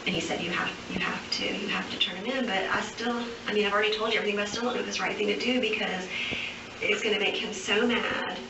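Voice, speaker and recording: A woman's voice: mid-range voice, fairly even intonation, fast talker. Rambling woman in an echoey interview room. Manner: rambling nonstop, many fillers. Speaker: woman giving a statement to police. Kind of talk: recorded police interview. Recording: echoey, distant, noisy interview room recording.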